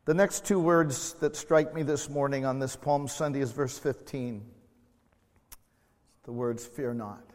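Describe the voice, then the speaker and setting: A middle-aged man preaching a sermon in a church, slow and emotional, swelling loud then dropping to quiet tones. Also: medium pitch, steady tone, long reverb tail. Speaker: pastor. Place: church sanctuary.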